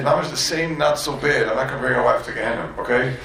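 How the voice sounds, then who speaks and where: This rabbi, teaching a Torah class to yeshiva students in Borough Park, New York, has a mid-range, creaky, fairly bright voice and a quick pace. He acts out quotes, repeats words, and mixes in Yiddish and Hebrew terms. Recorded on a distant mic, the poor audio has heavy reverb and slight background noise.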